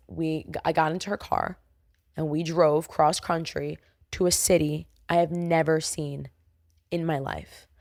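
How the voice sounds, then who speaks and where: A young woman talks through her own story on a solo podcast. She is chatty and animated, and she jumps high in pitch whenever she acts out what other people said. Her voice sits close to the mic in a dry room with no echo. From Staten Island, New York. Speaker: podcast host. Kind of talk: casual solo podcast monologue.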